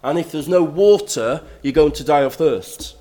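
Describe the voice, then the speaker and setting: An older man preaching a sermon, reading scripture aloud and then explaining it in a measured way that grows emphatic. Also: a little high, warm tone.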